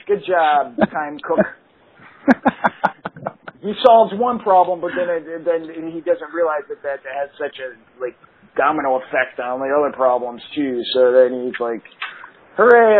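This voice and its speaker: A man's voice: a little high, slightly rough. Rambling man on a tinny line. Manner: rambling, laughing storyteller, full of fillers. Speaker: podcast co-host. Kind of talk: casual comedic podcast chat. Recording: tinny phone-like sound, faint hiss.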